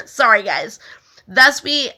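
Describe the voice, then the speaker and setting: A woman's voice: high-pitched, big pitch swings, takes it slowly, sharp tone. A young woman reading a spiritual text aloud and talking casually about it, rambling with many fillers and stumbling over words. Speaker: spiritual healing video host.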